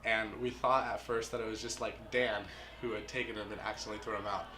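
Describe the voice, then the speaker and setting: A man on summer camp staff narrating a camp story to camera at a brisk clip. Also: lowish voice, flat delivery. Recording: echoey room with background noise.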